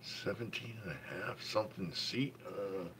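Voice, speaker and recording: A man's voice: low voice, moderate pace, a bit bright, slight background noise. A man hosting a casual livestream, reading out finds from a magazine and greeting viewers, with an enthusiastic manner. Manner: enthusiastic, repeats praise, greets chat viewers. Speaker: livestream host.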